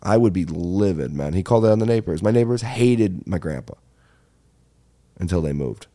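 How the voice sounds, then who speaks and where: Low, mellow-voiced rambling comedy host. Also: male voice, lively intonation, moderate pace. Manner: profane, meandering, lots of fillers and asides. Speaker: podcast host.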